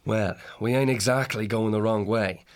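A man doing a gruff, shrewd otter warrior. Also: lowish voice, normal speed, close to an everyday voice. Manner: gruff, plainspoken dialect.

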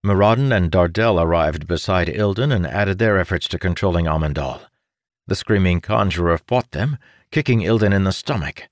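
Male audiobook narrator, low register, dry close sound, dramatic fantasy reading. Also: moderate pace, dry recording. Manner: dramatic reading, voicing characters' shouts.

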